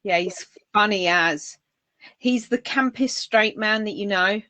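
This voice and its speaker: A woman's voice: medium pitch, a little slow, sharp tone, no echo. A woman with a Northern English accent co-hosting a casual chat, enthusiastic and eager to recommend things. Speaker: podcast co-host.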